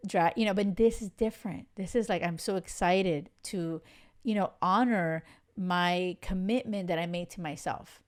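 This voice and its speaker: A woman's voice: lowish voice, moderate pace. A woman hosting her own podcast as a dating coach, talking casually and candidly to listeners, heartfelt and full of "like" and "you know" fillers. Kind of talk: casual solo podcast talk.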